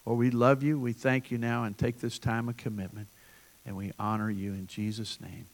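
A man pastor preaching a sermon, building emphatic repeated refrains and then praying softly. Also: mid-range voice, little pitch movement, moderate pace.

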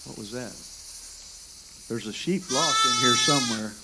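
A man's voice: medium pitch, lively intonation, a little slow, very noisy. A man preaching a sermon as pastor, telling stories and calling people up front from the congregation. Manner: storytelling, interactive with congregation.

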